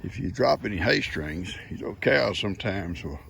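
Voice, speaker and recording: A man's voice: deep voice, expressive, moderate pace, creaky. An older man talking casually about his farm work outdoors, in a folksy, rambling, easygoing way. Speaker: farmer vlogger. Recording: loud outdoor noise.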